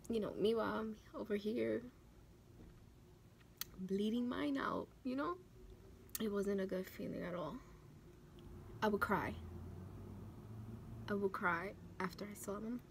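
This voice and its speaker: A young woman talking through her tears while doing her makeup on camera, halting and restarting often. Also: medium pitch, creaky, a little hiss or hum. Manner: tearful, halting, many restarts and fillers. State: close to tears. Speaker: beauty vlogger. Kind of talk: emotional talk during a makeup tutorial.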